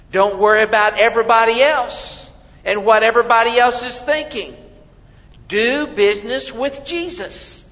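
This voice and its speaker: A male pastor with a high voice delivers a sermon at an unhurried pace, swinging from loud cries to near-whispers. The sound is dull and lo-fi, with a long hall reverb and a faint low rumble behind him. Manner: dramatic shifts between loud exclamation and hushed quotes.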